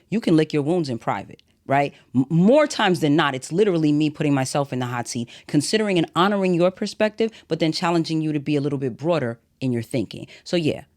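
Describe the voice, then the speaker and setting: A man with a fairly high voice talks through a solo podcast episode. He speaks bluntly and without sugarcoating, in the uplifting cadence of a motivational preacher. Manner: blunt, direct, self-described as not a soft speaker; sermon-like, motivational. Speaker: podcast host.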